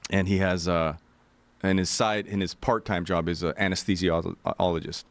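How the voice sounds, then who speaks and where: A man with a low, gravelly voice tells a story casually, swearing freely and acting out the other people's lines. The sound is close and dry, with no room echo. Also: normal speed. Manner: animated, profane, acts out quotes.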